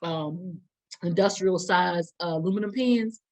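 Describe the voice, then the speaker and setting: A woman in her thirties, co-hosting a podcast, talks unhurriedly in a fairly low voice, eating and chatting casually over a meal. She's animated and laughs often. The recording quality is low.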